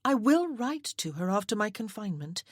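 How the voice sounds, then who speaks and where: A woman's voice: medium pitch, very animated, brisk, no echo, clean studio sound, voice pushed up. Agnes, a woman reading as an earnest young wife. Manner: impulsive, earnest. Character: young woman, newly wed, emotional, affectionate.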